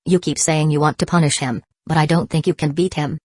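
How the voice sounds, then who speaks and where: A woman gives voice to a calculating young ninja man in a storybook. He reasons in a steady, persuasive way. Her voice sits low and dry. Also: fairly quick, no room sound. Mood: calm.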